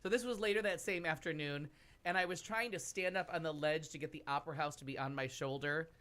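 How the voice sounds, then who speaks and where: A man's voice: fairly high pitch, fast talker, bright, forceful tone. A man on a talk show telling a long travel story in a casual, rambling way with lots of asides. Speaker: podcast cast member telling a travel story. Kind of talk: casual chat.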